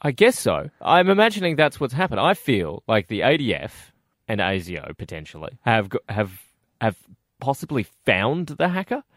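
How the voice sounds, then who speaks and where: Dry-sounding radio host. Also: male voice, mid-range voice, sing-song, normal speed, no room sound. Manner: chatty and jokey. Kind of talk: radio comedy banter.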